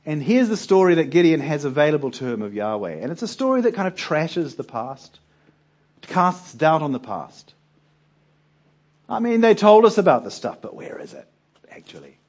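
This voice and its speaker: A man's voice: fairly high pitch, big pitch swings, moderate pace, darkish tone, muffled recording. A male preacher giving a conversational Bible teaching, often putting rhetorical questions to his listeners.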